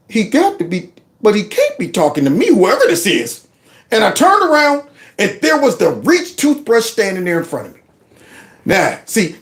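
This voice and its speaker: A man in his fifties from Youngstown, Ohio, hosting a casual commentary and telling animated, preachy stories in which he acts out the voices. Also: high voice. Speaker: host.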